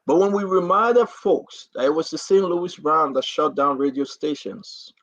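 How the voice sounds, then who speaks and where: A man hosting a talk show, giving impassioned, repetitive political commentary in a husky, gravelly voice. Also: on the high side, measured pace, no room sound. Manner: repetitive, rising to animated outbursts. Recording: dry, dull lo-fi audio.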